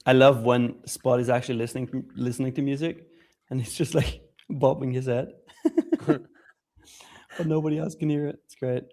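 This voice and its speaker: A man's voice: medium pitch, little pitch movement, normal speed, long pauses, darkish tone. A man co-hosting a live trading stream, joking around and checking on trades in casual banter.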